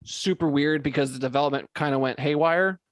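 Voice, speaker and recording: A man's voice: fairly high pitch, fairly quick, no room sound, clean studio sound. A man hosting a podcast, chatting casually in a rambling, emphatic way, swearing and tripping over words. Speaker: podcast host. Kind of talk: casual chat.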